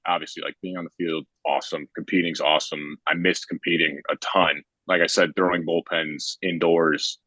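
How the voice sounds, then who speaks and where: A young man, a baseball pitcher, chatting casually on a podcast in a relaxed, rambling way with lots of filler words. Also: dry recording.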